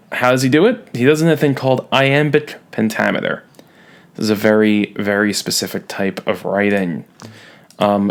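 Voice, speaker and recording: Gravelly, slow-talking playful male teacher. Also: on the low side. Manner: playful, jokey, drawn-out emphasis on key words. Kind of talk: recorded classroom lecture.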